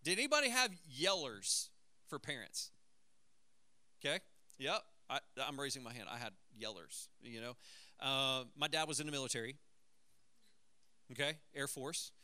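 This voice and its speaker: A middle-aged man, a high school pastor, giving a conversational, self-deprecating talk to parents with stories and asides to the audience. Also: animated, moderate pace, long pauses, bright, forceful tone, no room sound.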